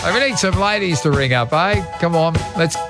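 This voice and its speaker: An Australian man hosting morning radio, cheerful banter with quick agreements and chuckles. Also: on the high side, expressive. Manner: cheerful, chuckling, short affirmations. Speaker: radio host. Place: radio studio. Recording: music playing under the voice.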